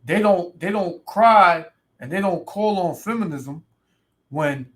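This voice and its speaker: A man preaching in a ranting way, reading scripture slowly and adding "man" and "right" to nearly every line. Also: sits high, expressive. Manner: reads scripture slowly and loudly. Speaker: street preacher. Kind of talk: ranting sermon video.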